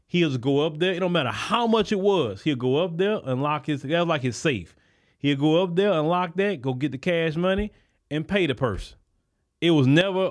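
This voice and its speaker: Preachy male commentary host. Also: a little high. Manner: preachy, anecdotal. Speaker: show host. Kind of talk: opinionated commentary.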